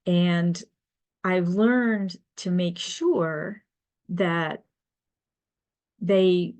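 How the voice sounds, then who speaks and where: Middle-aged woman doing a work webinar, talks slow and steady, lowish voice, lots of ums. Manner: measured, explanatory, with frequent fillers. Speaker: business advisor and HR consultant. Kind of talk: webinar presentation.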